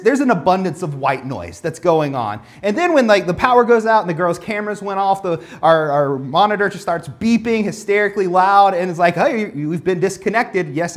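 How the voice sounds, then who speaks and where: A young adult man preaching a casual, conversational sermon, telling stories in a chatty way full of fillers and restarts. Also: high voice.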